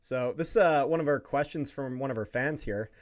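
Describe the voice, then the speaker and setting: A man's voice: medium pitch, brisk. A man hosting a podcast, giving short reactions and reading fan questions. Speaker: podcast host. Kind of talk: casual interview.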